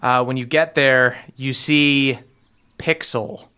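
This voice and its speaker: A man narrating a tabletop game as game master, with a playful manner and quick asides. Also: mid-range voice, steady tone, sharp tone, clear, resonant tone.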